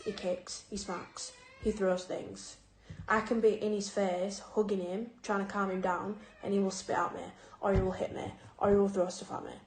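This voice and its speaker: Woman, mother, calm weary talk, flat monotone, echoey room, faint noise. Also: medium pitch. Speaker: single mother. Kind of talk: casual vlog. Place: home, indoors.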